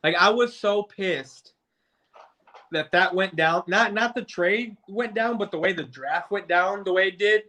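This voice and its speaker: A man with a bright, forceful voice pitched a bit high, chatting casually about football. He rambles, trips over his words and restarts his sentences again and again. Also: a little slow. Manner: rambling, stumbles and restarts often. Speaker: guest debater, football fan. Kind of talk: casual sports debate.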